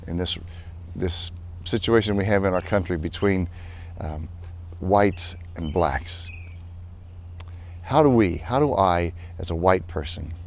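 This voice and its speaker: A male pastor telling a personal story in a lively way, then turning earnest and reflective as he draws a lesson. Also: lowish voice. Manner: animated storytelling, later calm and earnest. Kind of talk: storytelling devotional talk.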